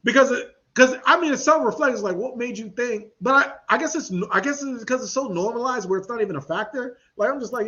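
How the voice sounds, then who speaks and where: A man co-hosting a podcast in casual chat, an animated storyteller who laughs often and uses slang. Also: extremely high pitch, fast talker, few pauses. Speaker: podcast co-host. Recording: dull lo-fi podcast audio.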